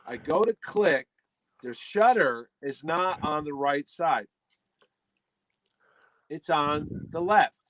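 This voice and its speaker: A man's voice: fairly high pitch, takes it slowly, no echo, low-quality recording. A middle-aged man hosting a podcast, telling a comic story in a casual chat and acting out the quotes. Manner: animated, acts out quotes in the story. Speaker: podcast host.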